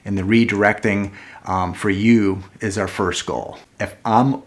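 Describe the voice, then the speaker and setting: A man with a fairly low voice talks straight to the camera about parenting. He sounds earnest and calm as he explains things step by step. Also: measured pace. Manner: earnest, calm and explanatory, with a playful mock-angry skit. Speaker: parenting vlog host. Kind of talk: casual talk to camera.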